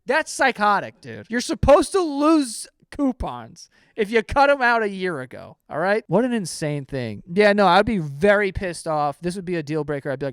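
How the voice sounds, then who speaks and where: A young man doing casual reaction commentary, swearing freely and swinging into sudden loud outbursts. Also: high voice, big pitch swings, normal speed, few pauses, clear, resonant tone, no room sound, studio quality. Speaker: comedy YouTuber reacting to stories.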